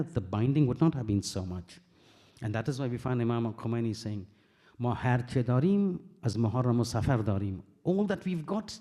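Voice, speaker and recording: A man giving a religious sermon. He narrates a sacred story earnestly and steadily, quoting scripture and reciting Arabic verses rapidly. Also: medium pitch, mellow. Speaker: preacher.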